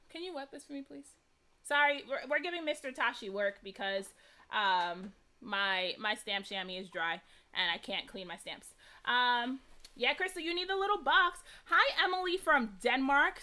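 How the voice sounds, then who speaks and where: A woman's voice: sits high, bright, forceful tone. A young American woman hosting a live crafting stream, chatting casually and laughing at herself while she works. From United States. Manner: chatty, self-deprecating, laughs often, greets viewers by name. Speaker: crafting livestream host.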